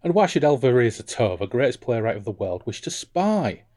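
A man's voice: medium pitch, moderate pace, darkish tone, close to an everyday voice. A man reading aloud as a vain, shifty male playwright with grandiose, affected lines.

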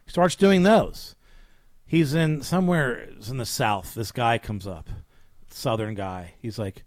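A man's voice: mid-range voice, a little slow, no echo, clean studio sound. A man co-hosting a podcast, retelling a behind-the-scenes story in casual chat and acting out the quotes. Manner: animated retelling with acted-out quotes. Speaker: podcast co-host.

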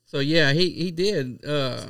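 Gravelly, blunt, profane man. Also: on the high side, slow, no echo, studio quality. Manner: blunt, loud, argumentative, swears a lot. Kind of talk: casual profane chat.

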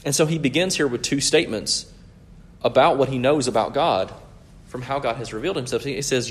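A man's voice: mid-range voice, a little fast. A man preaching a sermon in an earnest, teaching way, often checking in with his listeners. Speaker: pastor.

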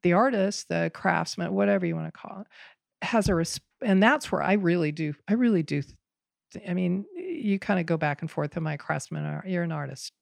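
A woman in casual podcast conversation, talking in an animated, rambling way with frequent laughs and restarts. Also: on the low side, brisk, vocal fry, no room sound, studio quality. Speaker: podcast guest, bonsai student.

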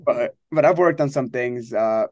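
A young man, a college baseball pitcher, chatting casually and telling animated stories, acting out quotes and laughing often. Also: normal speed, no echo, clean studio sound. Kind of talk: casual interview chat.

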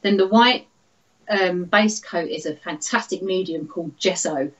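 A chatty woman, a guest artist, explaining her work in a relaxed interview, with lots of fillers and quick laughs. Her voice sits at a mid pitch. The recording is a little dull and lo-fi. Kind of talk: casual interview.

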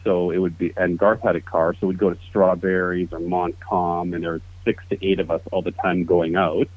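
A man in his fifties telling a profane, animated story to old friends over a call. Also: low voice, moderate pace. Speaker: podcast guest. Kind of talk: casual storytelling. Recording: tinny phone-like call audio.

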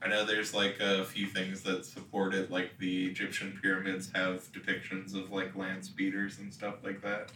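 A man's voice: sits low, monotone, sharp tone, reverberant, recorded from a distance, a little hiss or hum, poor audio. A man co-hosting a casual podcast chat, joking along with the others. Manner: jokey, quick to bursts of silly voices. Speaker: podcast co-host.

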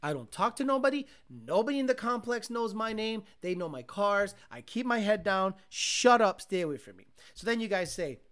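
A man hosting a casual chat stream, telling stories in a rambling, profane, animated way. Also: sits high, fairly quick, hardly any pauses. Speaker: livestream host.

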